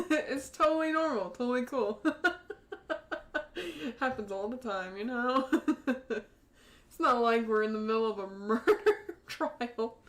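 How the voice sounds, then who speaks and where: A woman's voice: a little high, expressive, slow pace, pauses often. Giggly young woman playing a game. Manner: giggly, playful, gushing asides. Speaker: let's-play streamer. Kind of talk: casual game commentary, reading dialogue aloud.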